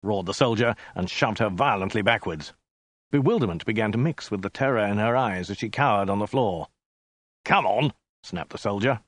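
A man reading a story aloud in a dry, deadpan narrating manner. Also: lowish voice, brisk, dry recording. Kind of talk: scripted narration.

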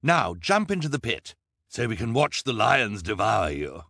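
A man's voice: on the low side, very animated, measured pace, creaky, sharp tone, no echo, clean studio sound, pitched above the performer's own voice, exaggerated voice. A man voicing a scheming villainous count who barks orders in an audiobook. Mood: menacing.

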